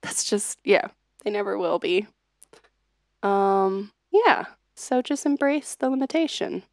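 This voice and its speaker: A woman's voice: medium pitch, lively intonation, slow pace, dry recording, studio quality. A woman streaming live as a musician, chatting casually with many fillers and restarts. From United States. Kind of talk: casual livestream chat.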